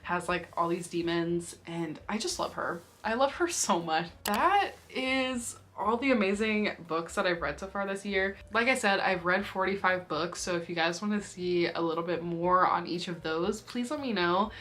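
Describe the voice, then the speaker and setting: A woman's voice: lowish voice, normal speed, few pauses, a bit bright, slight background noise. A young woman chatting casually about her favorite books, gushing and laughing often. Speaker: book vlogger. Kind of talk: casual book review chat.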